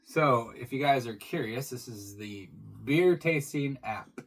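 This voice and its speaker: A man's voice: medium pitch, expressive, a little slow, low-quality recording. A man talking casually through an unboxing for his channel, rambling and swearing freely as he goes. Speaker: beer reviewer.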